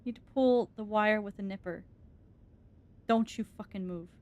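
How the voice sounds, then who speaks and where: A woman's voice: medium pitch, moderate pace, muffled recording. A woman streamer giving let's-play commentary on a horror game, jumpy and scared, swearing and laughing nervously.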